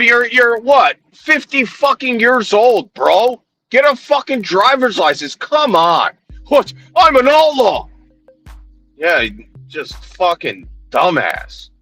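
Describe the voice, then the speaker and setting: A man's voice: high-pitched, pushed and bright. A man ranting heatedly on a livestream, swearing constantly, mocking and confronting people while he answers his chat.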